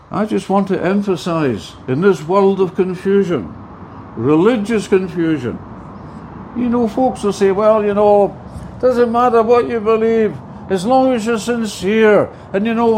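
A man's voice: high voice, darkish tone, slight background noise. A man preaching an evangelistic sermon, earnest and emphatic, repeating key phrases for weight.

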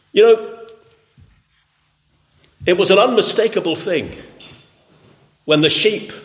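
Echoey, high, lively male preacher. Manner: emphatic, repetitive preaching cadence. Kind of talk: sermon. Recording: echoey hall.

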